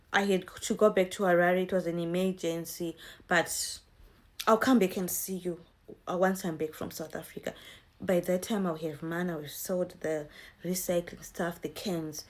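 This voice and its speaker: A woman's voice: lowish voice, darkish tone. A woman in her twenties, from Zimbabwe, chatting to her viewers in a storytime vlog and acting out what people said. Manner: chatty, addresses viewers as guys, acts out quotes. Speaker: vlogger.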